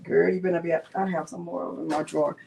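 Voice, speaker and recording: A woman's voice: lowish voice, level tone, fast talker, creaky, a little mellow, a little hiss or hum. Chatty woman hosting a live craft stream. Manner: chatty, narrates her clicks aloud and answers live chat; talks to herself under her breath at times. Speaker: craft channel host. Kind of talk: casual live crafting tutorial.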